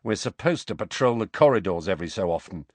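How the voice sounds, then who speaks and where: A man voicing a sulky, sarcastic teenage schoolboy in a storybook, blunt and low-key. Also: expressive, fast, husky, dry recording.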